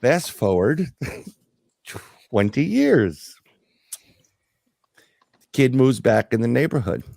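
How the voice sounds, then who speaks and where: A man's voice: medium pitch, drawn-out words, gravelly, dry recording. Profane middle-aged man telling stories. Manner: profane storyteller, animated retelling. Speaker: podcast co-host. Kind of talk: casual podcast chat.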